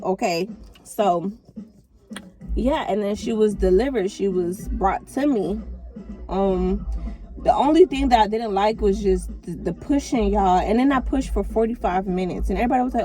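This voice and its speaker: A woman's voice: medium pitch, normal speed, warm tone, low-quality recording. A young woman vlogger telling a candid, chatty storytime straight to her viewers, often calling them "y'all". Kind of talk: casual storytime to camera.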